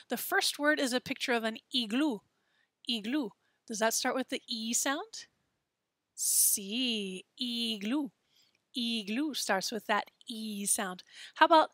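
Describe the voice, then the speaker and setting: A woman teaching a children's Spanish lesson, enunciating words slowly and clearly in an encouraging way. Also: on the high side, fairly bright tone, no echo, studio quality.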